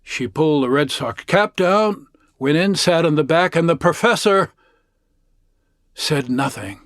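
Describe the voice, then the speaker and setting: A man telling a story aloud, animated and shifting voices for his characters. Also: fairly high pitch, no echo, clean studio sound. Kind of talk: oral storytelling performance.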